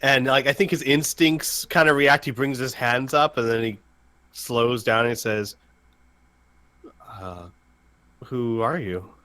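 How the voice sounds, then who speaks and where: A man playing his character in a tabletop game, speaking slowly and measured. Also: medium pitch, fairly even intonation, pushed and bright. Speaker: player.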